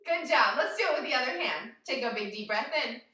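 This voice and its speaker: A woman's voice: fairly high pitch, animated, fairly quick, bright, forceful tone, very echoey, far from the mic. A woman leading a playful yoga lesson for young children, talking straight to them in a sing-song way. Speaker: kids yoga teacher.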